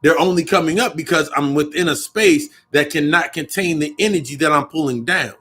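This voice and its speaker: A man's voice: a little high, fairly quick, bright, forceful tone, breathy edge. A young man talking in a casual spiritual monologue, profane and rambling, often repeating and restarting his phrases. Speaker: occult vlogger.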